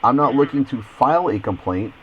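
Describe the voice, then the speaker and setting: A man's voice: medium pitch, lively intonation, brisk, breathy edge. Insistent man on a muffled phone call. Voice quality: stammering, repeats words. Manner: insistent, persistent. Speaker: investigative journalist.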